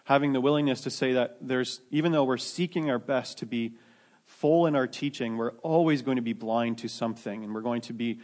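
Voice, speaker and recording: With a medium-pitched, darkish voice at a slightly fast pace, a pastor delivers a conversational sermon to his church. He restarts sentences frequently and adds joking asides at his own expense.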